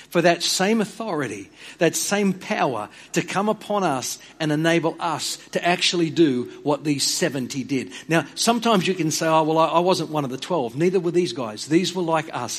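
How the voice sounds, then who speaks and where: A man's voice: animated, normal speed, slightly rough. A man preaching a sermon as pastor. He speaks earnestly, often stammers on his opening words and repeats phrases for emphasis. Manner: drops low and quiet on key words.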